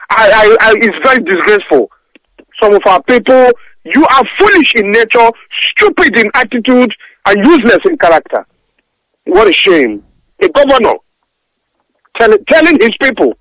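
High-voiced man ranting angrily. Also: bright, forceful tone, no echo. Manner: angry, repetitive stammering rant. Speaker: caller. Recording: dull lo-fi phone-in audio.

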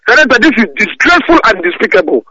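A man's voice: very high-pitched, very animated, fast, sharp tone, dry recording. A man calling in to a radio talk show, ranting angrily and stumbling over his words. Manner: angry, repetitive stammering rant. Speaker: caller. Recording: dull lo-fi phone-in audio.

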